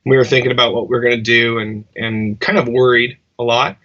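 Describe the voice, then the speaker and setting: Male musician guest, bright tone, muffled lo-fi sound. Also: medium pitch, fairly quick. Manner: reflective, rambling with restarts. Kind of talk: casual interview chat.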